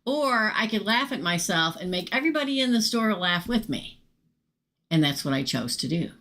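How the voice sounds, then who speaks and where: A middle-aged woman, telling a casual, animated story to viewers during a live tarot reading stream. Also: medium pitch, moderate pace. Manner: chatty, animated, swears casually and talks straight to viewers. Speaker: tarot reader hosting a live show.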